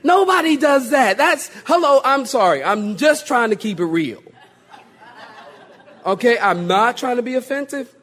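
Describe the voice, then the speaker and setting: In an extremely high-pitched, unhurried voice, a male pastor gives a sermon. He keeps it humorous and animated, joking and imitating voices for laughs to make his point.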